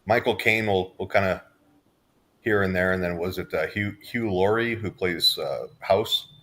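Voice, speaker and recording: A man's voice: deep voice, unhurried, a bit bright. A man from Southern California, co-hosting a podcast in casual chat, rambling with restarts and fillers. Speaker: podcast co-host.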